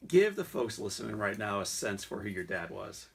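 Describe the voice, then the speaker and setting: Podcast host: a man with a husky voice, earnest in questioning and storytelling. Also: lowish voice, sing-song, moderate pace. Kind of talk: interview.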